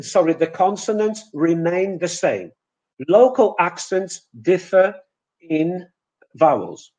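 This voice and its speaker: A man whose first language is Polish, giving a pronunciation lesson in a webinar, deliberate and hesitant, with fillers and restarts, on a computer mic. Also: high voice, a little mellow, poor audio. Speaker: pronunciation teacher. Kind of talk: webinar lecture.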